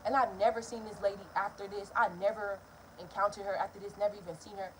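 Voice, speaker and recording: A young woman, telling a story in a casual vlog, animated and profane. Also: mid-range voice, fast, slight background noise. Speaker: vlogger.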